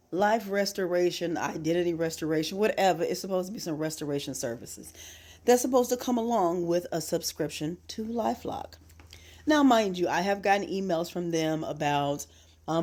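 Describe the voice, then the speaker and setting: A woman's voice: lowish voice, a little mellow. A middle-aged woman vlogger venting in a casual, emphatic monologue and telling her story with exasperation.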